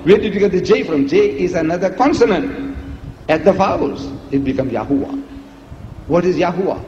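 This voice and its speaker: A man lectures emphatically, firing rhetorical questions with a lively, teasing edge. His voice sits a little high. The old recording sounds dull and lo-fi, with a long echo from a large hall. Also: moderate pace, slight background noise. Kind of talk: public lecture played in a reaction video.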